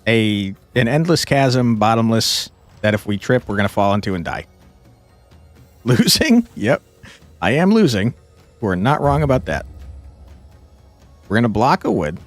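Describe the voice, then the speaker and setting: Male streamer, lively swooping voice, frustrated and profane, faint game music behind. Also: on the low side, normal speed, no room sound. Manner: exasperated, swearing, laughing often. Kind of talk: casual gameplay commentary.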